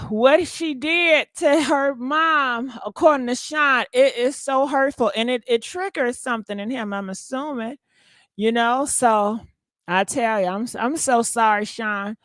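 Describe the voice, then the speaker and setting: High-voiced woman hosting a gossip stream. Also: takes it slowly, fairly bright tone, dry recording. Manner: exclaiming, talks straight to viewers. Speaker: gossip channel host. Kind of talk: live-stream gossip commentary.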